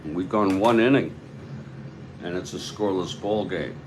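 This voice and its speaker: A man hosting a tabletop baseball replay, giving calm, measured play-by-play with chatty asides to viewers. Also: deep voice, background noise. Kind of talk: play-by-play commentary of a board game replay.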